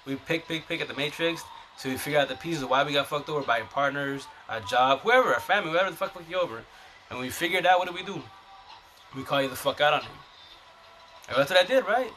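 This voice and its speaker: A man's voice: on the high side, lively intonation, fast, bright, forceful tone, faint music behind. A man hosting a live stream, ranting about his relationship in a blunt, combative, profane way. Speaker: TikTok live host. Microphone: phone mic.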